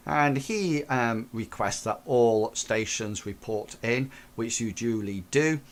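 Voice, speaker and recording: A man narrating a tabletop role-playing game as game master, stopping and restarting as he searches for words. His voice is mid-pitched and plain. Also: takes it slowly. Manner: hesitant, many fillers and restarts.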